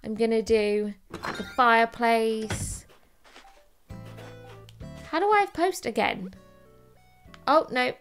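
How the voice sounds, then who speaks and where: A woman's voice: on the high side, animated, slow, pauses often, a bit bright, soft background music. A woman giving rambling, chatty, self-deprecating commentary while playing a video game. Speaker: let's play host. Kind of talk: casual gameplay commentary.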